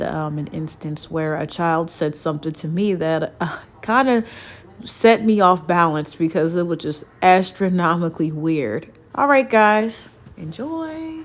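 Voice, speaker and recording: A woman's voice: lowish voice, measured pace. A woman hosting a channel, casually introducing a set of story videos with a few hesitant fillers. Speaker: channel host introducing clips.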